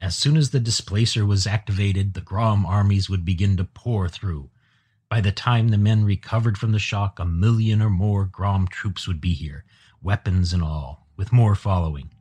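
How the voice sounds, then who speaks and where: A man narrating an audiobook in a steady storytelling manner. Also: low-pitched, moderate pace, breathy edge.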